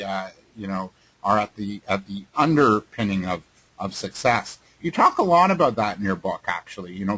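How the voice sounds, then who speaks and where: A man hosting an interview, asking long questions with many halting restarts. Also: lowish voice, a bit bright, breathy edge, no room sound, rough recording. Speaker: host. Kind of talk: casual interview talk.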